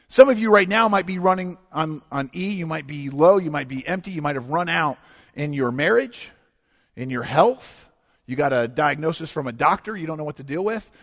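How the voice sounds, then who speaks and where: A man, preaching a sermon as pastor, animated and conversational, mixing humor with rhetorical questions to the congregation. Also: on the high side, big-room sound. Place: church sanctuary.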